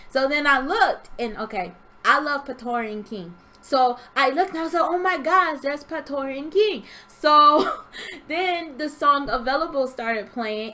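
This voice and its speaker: A young woman telling a story from her dream in an animated, expressive way, acting out sounds. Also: sits high. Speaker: vlogger. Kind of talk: storytelling vlog.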